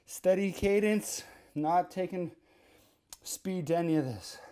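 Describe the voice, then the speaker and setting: A man's voice: sits high, unhurried, warm tone, clean tone. A man leading a home workout as a fitness coach, giving coaching cues and counting reps while he does the exercises himself, getting out of breath during the sets.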